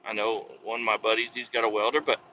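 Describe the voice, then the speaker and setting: A man's voice: lowish voice, flat delivery, quick pace, sharp tone, muffled recording, a little hiss or hum. A man in his thirties hosting a podcast, rambling in a jokey, profane monologue. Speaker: podcast host.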